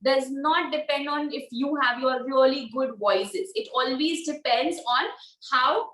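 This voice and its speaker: A woman's voice: sits high, measured pace, a bit bright, reverberant, poor audio. A young woman leading a storytelling workshop over a video call, explaining things step by step and repeating her key points. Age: young adult. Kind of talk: teaching a workshop.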